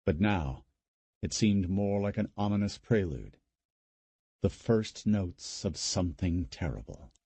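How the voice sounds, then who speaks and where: A man narrating an audiobook in an expressive, dramatic reading style. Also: low-pitched, unhurried, breathy edge, dry recording.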